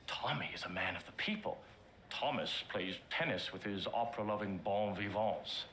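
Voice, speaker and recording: A smooth political adviser. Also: male voice, on the low side, moderate pace, sharp tone, slight background noise. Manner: smooth, persuasive, coaching. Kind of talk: period TV drama acting.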